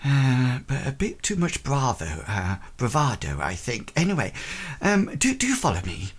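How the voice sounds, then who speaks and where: A man's voice: mid-range voice, huge pitch swings, measured pace, husky, heavily acted. A man voicing a genteel, fussy lady merchant who hesitates and ums politely. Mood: flustered politeness.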